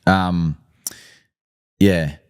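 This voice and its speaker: Deep-voiced Australian man, hesitant. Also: fairly even intonation, drawn-out words, clear, resonant tone. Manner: hesitant, lots of ums and restarts. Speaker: lawn care podcast host. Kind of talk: casual live chat, answering viewer questions.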